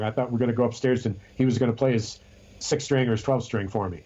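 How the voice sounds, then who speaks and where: A man with a medium-pitched, mellow voice talks quickly on a lo-fi recording. He's co-hosting a podcast, chatting casually as he rambles through stories and keeps restarting his sentences.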